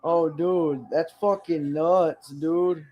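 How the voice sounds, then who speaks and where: A man's voice: fairly high pitch, fairly even intonation, slow pace, muffled recording. A man chatting casually on a live stream, reacting with short laid-back remarks.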